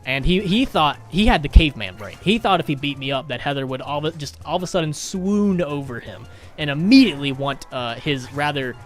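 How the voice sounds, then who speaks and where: A young man with a slightly high voice tells a rambling, self-mocking story, joking at his own expense as he goes. The voice sits a little above the usual male range, with faint music playing behind. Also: animated, a little fast. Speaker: gaming YouTuber. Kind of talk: storytime over gameplay.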